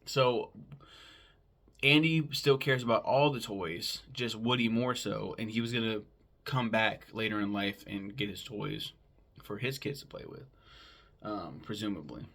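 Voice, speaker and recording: Low gravelly man recapping a film. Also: a little slow, fairly bright tone. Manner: rambling, frequent filler words and swearing. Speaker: film podcast host.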